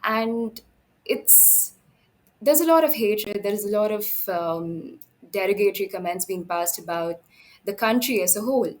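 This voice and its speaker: A woman's voice: mid-range voice, lively intonation, rough recording. Woman interviewer. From India. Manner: earnest, with filler pauses. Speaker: interviewer, host. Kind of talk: prepared interview questions.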